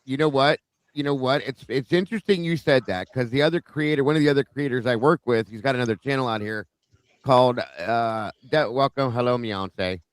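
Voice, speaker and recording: A man's voice: medium pitch, a little fast, clear, resonant tone, dry recording. Laid-back man host, dry close sound. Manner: relaxed retelling, slangy, says bro. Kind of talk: casual podcast chat.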